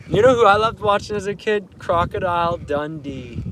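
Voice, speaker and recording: A man's voice: high-pitched, expressive, moderate pace, noisy background. A man in his thirties chatting casually with livestream viewers from a canoe on a lake, laughing often and reading comments aloud. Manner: laid-back, laughs often, reads chat aloud. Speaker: fishing livestreamer. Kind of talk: casual live-stream chat.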